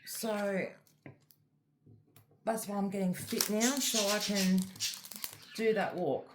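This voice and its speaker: Speaking slowly at a medium pitch over a noisy background, this middle-aged Australian diamond art vlogger rambles casually through a personal story as she crafts, using lots of filler words.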